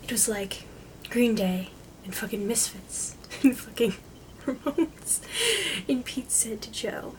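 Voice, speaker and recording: A woman giving a joking dramatic reading, casual and giggly, swearing freely and often dropping to a soft whisper. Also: a little high, slow, a little hiss or hum, low-quality recording. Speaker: amateur video maker.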